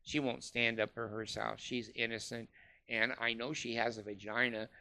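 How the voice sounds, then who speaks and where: A man's voice: mid-range voice, flat delivery, moderate pace, vocal fry, bright, forceful tone, no room sound. A man putting on the voice of a fawning father who bargains with his daughter, in a heated monologue. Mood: mock fawning.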